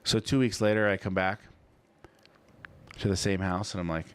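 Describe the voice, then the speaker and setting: Co-hosting a podcast at a studio mic, a man with a lowish, steady voice tells his story loosely and at a moderate pace. He rambles, piles on "you know," and reenacts what he said, with slight background noise behind him.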